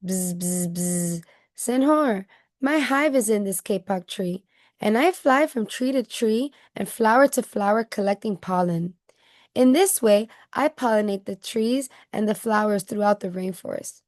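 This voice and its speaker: A woman's voice: a little high, unhurried, darkish tone, no echo, lightly acted. A buzzing, earnest male honeybee from a storybook, read aloud by a woman. He explains patiently and sounds close and dry.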